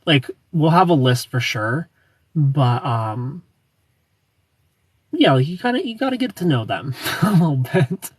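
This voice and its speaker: A young man hosts a livestream, reading out comments and greeting viewers by name between bursts of giggling. His voice sits a little high and sounds slightly husky. The sound is dry, with the mic set a short way off. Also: very animated, a little slow, long pauses, no room sound, far from the mic. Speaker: livestream host.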